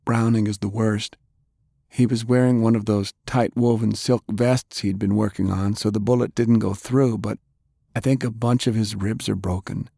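A man's voice: lowish voice, steady tone, normal speed, creaky, warm tone, slightly rough, no echo, clean studio sound. An earnest, worried young man.

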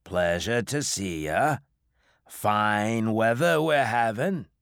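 A man voicing a huge, taciturn old farmer who speaks in a slow New England drawl. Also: on the low side, expressive, fairly bright tone, clear, resonant tone, no echo, studio quality, pitched above the performer's own voice, heavily acted.

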